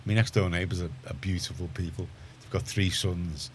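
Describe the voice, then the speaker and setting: Deep-voiced Liverpool radio presenter. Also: male voice, fairly even intonation, moderate pace, a little hiss or hum. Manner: chatty, rambling, self-correcting. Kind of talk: casual radio chat.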